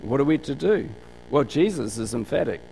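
Male NZ preacher, gravelly edge, chatty storytelling sermon, rhetorical questions. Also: medium pitch, expressive, moderate pace, warm tone, slight background noise, rough recording. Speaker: pastor.

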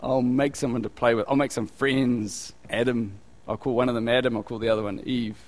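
A man's voice: medium pitch, fairly even intonation, fairly quick, voice pushed down, lightly acted. A man voicing God as a lonely, childlike figure who muses wistfully about making friends. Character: lonely male God wanting playmates.

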